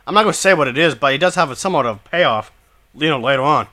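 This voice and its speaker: A man giving an opinion commentary, talking in halting bursts with many restarts and repeated phrases, blunt and dismissive in his views. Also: a little high, expressive, sharp tone. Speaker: video commentator.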